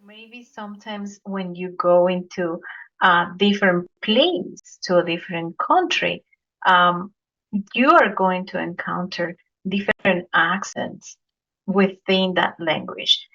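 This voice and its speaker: Speaking slowly in a lowish, slightly bright voice, this Colombian podcast host with a Spanish accent tells anecdotes earnestly in a casual interview chat. She often repeats words while hunting for the right one. The recording sounds dull and lo-fi.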